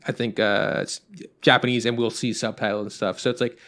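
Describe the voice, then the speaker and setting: A man's voice: medium pitch, flat delivery, a little fast, a bit bright. A man co-hosting a podcast, rambling in casual chat, acting out quotes and swearing now and then. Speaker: podcast co-host.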